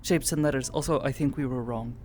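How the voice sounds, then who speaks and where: A woman role-playing an earnest young woman who speaks in halting, broken phrases. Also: extremely low pitch, warm tone, a little hiss or hum. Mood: puzzled. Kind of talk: game role-play. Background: background music.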